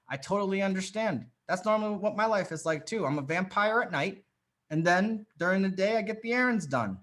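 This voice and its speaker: A man's voice: sits high, lively intonation, fairly quick, fairly bright tone. A man coaching a live dating session, swearing freely, piling up rhetorical questions and acting out the reactions he quotes. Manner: profane, emphatic, repetitive rhetorical questions; acts out quoted women's reactions.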